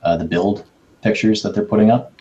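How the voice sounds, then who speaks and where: A man on a podcast panel, with a very deep voice and a halting, hesitant way of talking. His mic sounds dull and lo-fi, with a faint hiss behind him. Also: fairly even intonation, dark tone. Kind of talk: casual chat.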